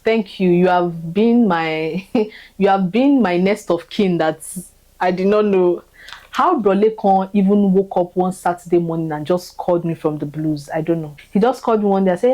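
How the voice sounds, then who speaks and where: A woman's voice: fairly low pitch, moderate pace, warm tone, poor audio. A young woman giving an emotional, fervent testimony of thanks, repeating herself as her feelings rise. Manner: fervent, repetitive, voice rising with feeling.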